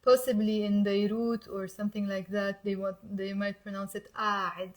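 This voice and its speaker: A woman's voice: medium pitch, little pitch movement, normal speed. A woman from Mount Lebanon with a Lebanese accent, teaching a casual Arabic lesson and coaxing learners to repeat words aloud.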